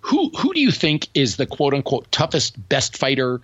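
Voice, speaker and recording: Husky-voiced joking podcast host man. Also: medium pitch, huge pitch swings, normal speed, a bit bright, no echo, lo-fi sound. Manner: joking storyteller, trails into restarts. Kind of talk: casual chat.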